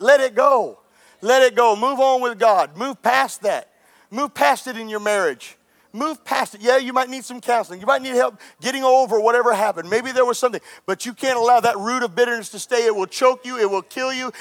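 A man with a high voice delivers an impassioned sermon to his congregation. He moves from raised, emphatic declarations to hushed, earnest pleading. His preaching sounds like it is delivered in a church. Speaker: pastor.

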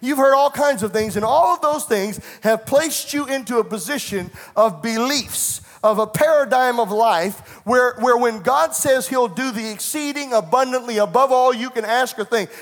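A man's voice: extremely high pitch, moderate pace, few pauses, long reverb tail. A middle-aged man, a pastor, preaching a sermon that moves from personal storytelling into fervent preaching in a church. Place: church sanctuary.

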